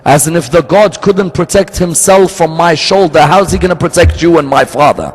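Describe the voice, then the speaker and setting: A man preaching a sermon, telling a story with acted-out dialogue and shifting his pitch and pace freely. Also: fast talker, few pauses, slightly rough. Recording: long hall reverb.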